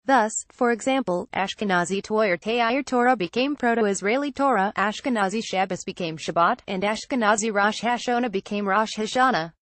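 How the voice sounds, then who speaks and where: A woman's voice: mid-range voice, no room sound. Woman reading an article, dry studio. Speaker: reader.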